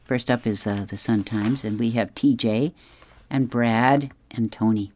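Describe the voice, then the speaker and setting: A man's voice: medium pitch, steady tone, darkish tone. A man hosting a radio show, reading an advice column and describing comic strips aloud with amusement. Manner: unhurried, amused, chuckling while reading. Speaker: radio host.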